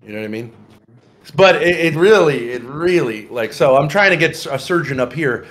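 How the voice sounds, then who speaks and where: Rambling, halting middle-aged man. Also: fairly high pitch, animated, fairly bright tone. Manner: rambling, halting speech with many restarts. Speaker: guest. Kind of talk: casual livestream chat.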